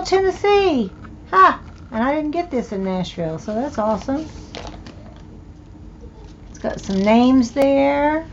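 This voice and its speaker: Older Southern woman, slow and chatty. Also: medium pitch, a little mellow, lo-fi sound, slight background noise. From American South. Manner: chatty, delighted exclamations. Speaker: thrift haul host. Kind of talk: casual show-and-tell.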